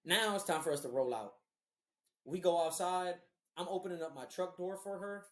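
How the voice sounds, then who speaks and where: A man's voice: sits high, normal speed. A man hosting a podcast, telling a long story in a casual, rambling and profane way. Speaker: podcast host. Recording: roomy echo.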